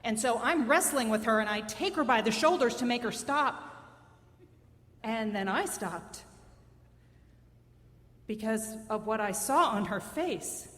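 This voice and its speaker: A woman's voice: fairly high pitch, animated, a little slow, long pauses, fairly bright tone, big-room sound. Wry woman telling a story on stage. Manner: conversational, wry and self-mocking. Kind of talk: live personal storytelling on stage. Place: stage at a live storytelling event.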